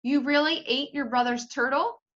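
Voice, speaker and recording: Casting: a woman doing a bright, fussy mother, scolding, lo-fi read-aloud. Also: sits high, normal speed, voice pushed up. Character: flustered busy mother.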